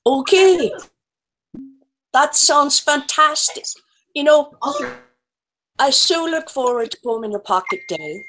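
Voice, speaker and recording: A woman with a slightly high voice tells stories to children over a video call. She is playful and animated, and she throws in animal sounds as she goes. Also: poor audio. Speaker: children's storyteller.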